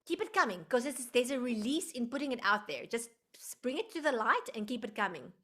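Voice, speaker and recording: A woman hosting a live online workshop, expressive and emotional, slipping into prayer like a preacher. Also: a little high, brisk. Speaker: workshop host.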